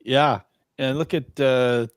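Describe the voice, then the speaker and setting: A man's voice: medium pitch, fairly even intonation, slow pace, clean tone, dry recording, clean studio sound. A man hosting a casual talk show over a video call, easygoing and trailing off with fillers and chuckles. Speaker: show host.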